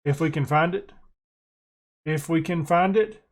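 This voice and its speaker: American guy, gaming commentary, excitable, self-mocking, a bit high-voiced. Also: measured pace. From United States. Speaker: gaming YouTuber. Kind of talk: casual gameplay commentary.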